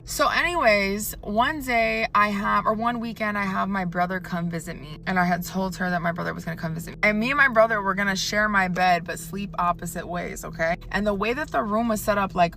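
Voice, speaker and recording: A woman's voice: mid-range voice, sharp tone, slight background noise. Chatty, profane young woman telling a story. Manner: chatty, profane, addresses the viewer directly. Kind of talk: casual storytime vlog.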